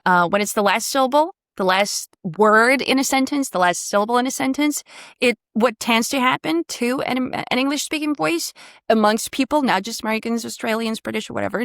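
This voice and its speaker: A woman coaching pronunciation on a video call, demonstrating sounds and drifting into vocal fry at phrase ends. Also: on the high side, fairly bright tone, no echo, studio quality. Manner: encouraging, demonstrative, drills sounds. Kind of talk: online one-on-one pronunciation lesson.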